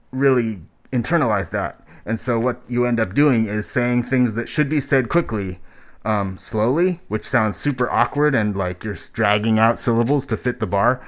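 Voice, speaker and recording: A man's voice: medium pitch, unhurried, fairly bright tone. A man streaming, giving blunt, profane, rambling critique of rap tracks.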